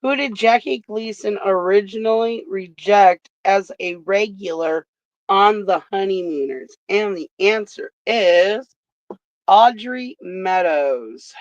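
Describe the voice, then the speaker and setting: Woman streamer, slow casual trivia host, dry close sound, dull lo-fi audio. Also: medium pitch, no room sound. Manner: reads questions slowly, swears freely.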